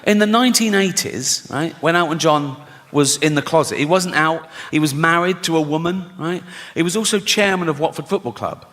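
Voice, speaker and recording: A man's voice: on the high side, normal speed, fairly bright tone. A man performing stand-up comedy in a chatty, storytelling way, often checking in with the audience and acting out what people said. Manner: conversational, keeps asking "right?", acts out quotes. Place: large live venue with audience. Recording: live hall reverb, faint room noise.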